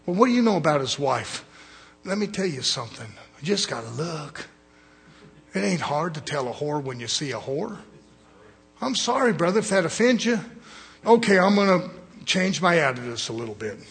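A middle-aged man preaching a fiery sermon with a husky, somewhat high voice. He talks bluntly and folksily, calling for amens and pushing his points hard. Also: big pitch swings, normal speed, fairly bright tone, soft background music. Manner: folksy, blunt, call-and-response.

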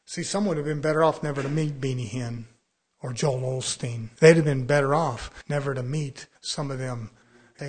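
A middle-aged man preaching an impassioned sermon, firing off rhetorical questions and breaking into sudden loud bursts. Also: medium pitch, moderate pace. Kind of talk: fiery sermon.

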